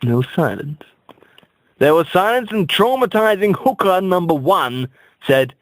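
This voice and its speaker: A man's voice: high voice, big pitch swings, unhurried, no echo, poor audio. A man doing an absurd, mock-serious comic radio monologue, rambling and stammering over his own words.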